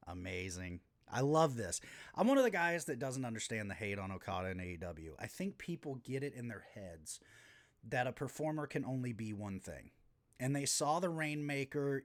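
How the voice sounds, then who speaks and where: A male podcast host recapping wrestling on his own in a loose, casual way. His voice sits at a middle pitch but leaps up and drops low all the time, with bursts of loudness and plenty of swearing. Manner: animated and profane, with sudden swings in pitch and volume.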